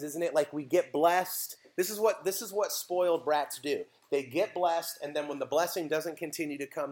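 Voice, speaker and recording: A man, preaching a sermon and telling animated stories with acted voices. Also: on the high side. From United States. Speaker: pastor.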